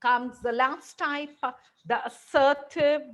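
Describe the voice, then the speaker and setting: A woman with a high voice gives a classroom lecture. She explains at length, fills pauses with "uh" and "you know," and acts out the examples she describes. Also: lively intonation.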